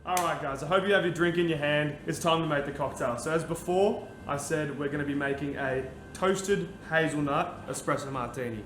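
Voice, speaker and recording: A young man who is a podcast host and bartender runs a casual talk show, chatting upbeat as he guides viewers through making a cocktail. His pitch is fairly high, and he talks a little fast with hardly any pauses. Music plays under him in an echoey room with background noise.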